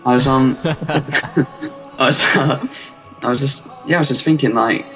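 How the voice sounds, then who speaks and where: A man's voice: mid-range voice, a little slow, fairly bright tone, big-room sound, faint music behind, poor audio. A man, a podcast guest, telling a story in casual chat, hesitant and rambling with lots of fillers.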